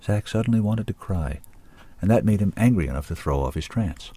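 A man narrating an audiobook in a measured, deliberate way. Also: low voice, lively intonation, warm tone, breathy edge, dry recording.

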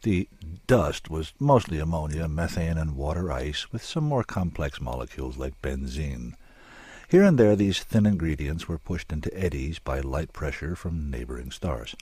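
Deep husky guy reading a story, slow dramatic pauses, dry sound. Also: animated, warm tone, no echo. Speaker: narrator. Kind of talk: audiobook story narration.

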